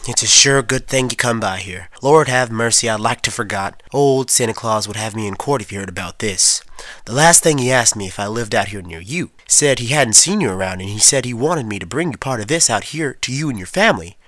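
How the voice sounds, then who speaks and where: A man voicing a warm, hearty farmer father who talks in a folksy drawl. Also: medium pitch, lively intonation, fairly quick, dry recording, natural voice. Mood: jovial. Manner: folksy and generous, drawling country talk.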